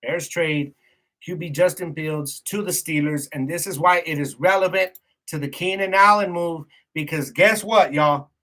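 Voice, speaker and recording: A young man hosts a sports podcast solo, ranting in a casual way and laughing at his own jokes. His voice sits high and rings bright and forceful. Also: normal speed. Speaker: podcast host. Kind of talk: casual sports talk monologue.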